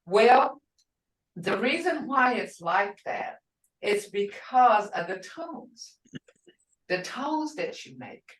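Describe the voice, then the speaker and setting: A woman's voice: fairly high pitch, expressive, slow pace. An older woman teaching a language class, patiently repeating words to model how they sound. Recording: roomy, distant from the mic.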